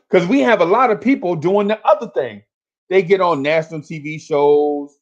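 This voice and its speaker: A man's voice: on the high side, expressive, moderate pace, highs cut off. A man hosting a fan livestream, talking casually and hyping up his chat in repetitive, slangy calls.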